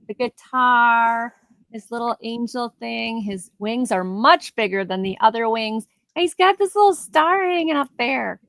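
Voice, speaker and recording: A woman's voice: fairly high pitch, expressive, measured pace, gravelly, fairly bright tone, no room sound, rough recording. Chatty woman selling at a live sale. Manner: chatty, rambling, laughs easily. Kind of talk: casual live auction chat. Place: home, near her garage.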